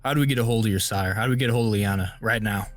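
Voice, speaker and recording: A man playing a tabletop role-playing game, talking quickly and urgently in character. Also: on the low side, soft background music. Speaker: player.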